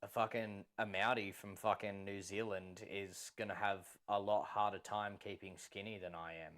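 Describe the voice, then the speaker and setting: A man's voice: on the low side, little pitch movement, moderate pace, a bit bright. A man co-hosting a podcast in casual chat, crude and slangy with a laid-back delivery. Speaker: podcast co-host.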